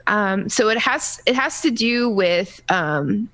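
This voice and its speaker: A woman co-hosting a casual gaming podcast, talking in a rambling, halting way full of restarts and fillers. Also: mid-range voice, lively intonation, a bit bright. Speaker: podcast co-host.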